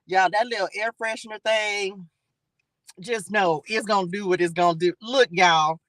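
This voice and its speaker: Excitable woman hosting a morning livestream. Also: mid-range voice, normal speed, no echo. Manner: excitable, repeats greetings and calls to the audience. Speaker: host of a spiritual morning livestream. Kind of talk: casual livestream chat.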